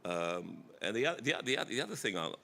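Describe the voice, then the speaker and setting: Australian male guest, middle-aged, deep and lively, bright-toned, stammering and self-deprecating on a festival stage. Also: quick pace, creaky, slight background noise. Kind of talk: onstage conversation.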